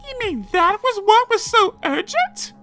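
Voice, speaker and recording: A man voicing a curious young woman in a storybook reading, asking questions in a high, wondering voice. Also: animated, a little slow, pushed and bright, faint music behind, heavily acted.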